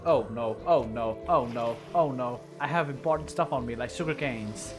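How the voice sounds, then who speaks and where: A young man giving casual let's-play commentary, mumbling asides and bursting into loud yelps and cheers. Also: medium pitch, moderate pace, music in the background. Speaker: gaming commentator.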